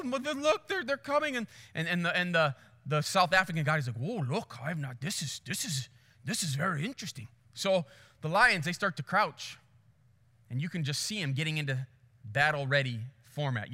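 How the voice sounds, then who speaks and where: A male pastor telling a story in a sermon, animated, acting out voices and sounds. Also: high voice, big-room sound.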